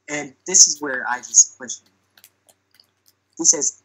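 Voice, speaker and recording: A man's voice: a little high, animated, unhurried, long pauses, sharp tone, breathy edge, poor audio. A young man telling a comic story on a podcast in a chatty way, full of fillers, and acting out the lines he quotes.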